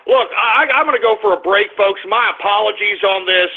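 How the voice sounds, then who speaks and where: Talk radio host, male, high-pitched, exasperated, thin phone-quality audio. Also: normal speed, gravelly, few pauses. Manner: exasperated, repetitive, scolding his dog on air. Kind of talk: call-in radio talk show monologue. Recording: tinny phone-like radio stream.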